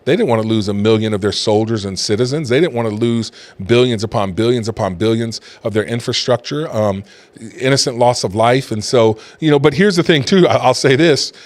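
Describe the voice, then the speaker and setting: A man's voice: mid-range voice, fairly quick. Conversational male commentary host. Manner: conversational, animated when riled up. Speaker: talk show host. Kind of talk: opinion commentary.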